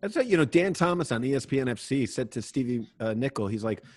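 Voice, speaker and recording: A middle-aged man hosting a podcast, joking and animated as he tells stories and questions his guest. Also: medium pitch, fast, no room sound. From Ireland. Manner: jokey, animated, lively storytelling. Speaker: podcast host. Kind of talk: casual interview chat.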